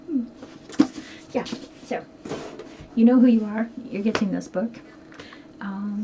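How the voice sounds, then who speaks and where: Chatty middle-aged woman, noisy home recording. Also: mid-range voice. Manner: chatty, quick and rambling with many ums. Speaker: knitting podcast host. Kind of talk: casual chat to camera.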